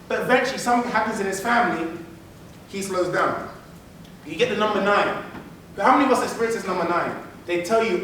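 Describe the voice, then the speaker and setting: A man giving an animated motivational business keynote, repeating phrases for emphasis. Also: sits high, normal speed. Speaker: keynote speaker. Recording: echoey hall, mic from far off, faint noise.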